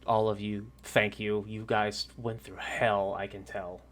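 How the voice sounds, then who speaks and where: A man voicing a grateful, kindly male preacher in a tabletop game who speaks gently. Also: fairly low pitch, level tone, measured pace, voice pushed down.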